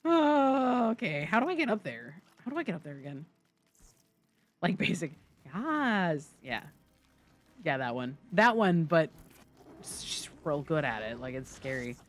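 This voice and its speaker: Give me a jokey woman doing live game commentary with an animated voice. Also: sits low, normal speed. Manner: chatty, jokey, talks to chat. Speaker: game streamer.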